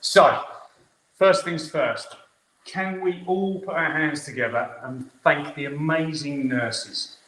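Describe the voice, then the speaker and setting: A man's voice: on the high side, slow pace, a bit bright. A man in his fifties, a head chef, chatty and upbeat as he talks viewers through a live cooking demonstration in a kitchen. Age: 50s. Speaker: head chef hosting a cookalong. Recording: echoey room with faint noise.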